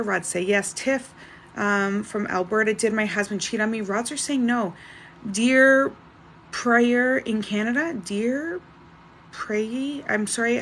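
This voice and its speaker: A woman hosting a live-stream psychic reading, briskly reading out viewers' names and questions in a chatty, casual way. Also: mid-range voice, fairly bright tone, slight background noise. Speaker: psychic livestream host.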